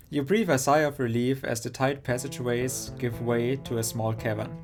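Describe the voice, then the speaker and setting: A man streaming a narrative game, reading its narration aloud and reacting with animated, joking comments. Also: mid-range voice, moderate pace, few pauses, faint music behind.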